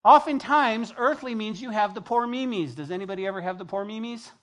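A preacher delivering an emphatic sermon to a congregation, with a voice in a middle register. The delivery swings from loud, punchy lines to hushed asides and slips into quoted voices along the way. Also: mid-range voice, a little fast, few pauses. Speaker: pastor. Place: church before a congregation.

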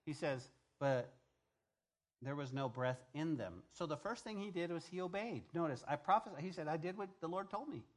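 At a moderate pace, a male pastor with a somewhat higher-than-typical voice delivers an animated sermon. He swings between loud emphasis and quiet, hushed asides, and keeps asking his congregation if they follow him.

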